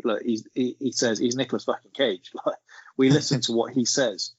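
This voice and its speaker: A man's voice: medium pitch, steady tone, moderate pace, slightly rough, no echo. A man, rambling through an anecdote in casual podcast chat. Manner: rambling storyteller, laughing as he tells it. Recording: dull lo-fi sound.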